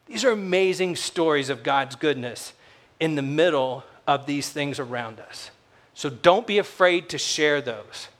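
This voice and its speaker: A male pastor gives a sermon with a somewhat high voice. He tells his stories like casual conversation and slips into the voices of the people he quotes. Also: animated, a little slow, a bit bright.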